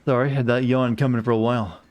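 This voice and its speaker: A man's voice: mid-range voice, steady tone, fast talker, a little mellow. An American man streaming a video game, chatting with viewers in a wry, offhand way. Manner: wry, chatty, talks to chat. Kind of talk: casual live game commentary.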